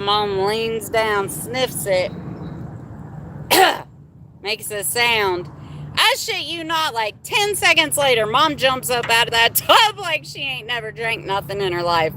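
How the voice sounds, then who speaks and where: A young adult woman hosting a livestream tells a candid personal story in casual, heavily profane talk. Her voice sits on the high side, animated and sharp, and she takes it slowly over slight background noise.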